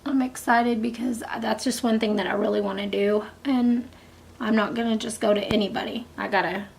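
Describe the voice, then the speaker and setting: Middle-aged woman vlogger, gravelly and a little high, rambling and casual, with hushed asides. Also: fairly even intonation, moderate pace, a little hiss or hum. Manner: chatty, rambling, with frequent soft half-whispered asides. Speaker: beauty vlogger. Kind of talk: makeup tutorial chat.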